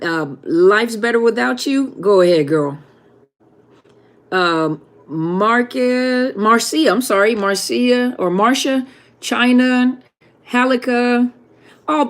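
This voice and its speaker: A woman with a fairly high voice hosts a casual live stream, greeting viewers one by one in a friendly, chatty way. She talks from a home setup into a webcam mic.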